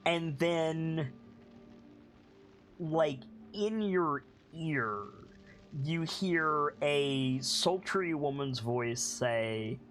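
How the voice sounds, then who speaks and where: A man's voice: on the high side, very slow, a bit bright. A man narrating and running a tabletop game as game master, casual and hesitant with fillers.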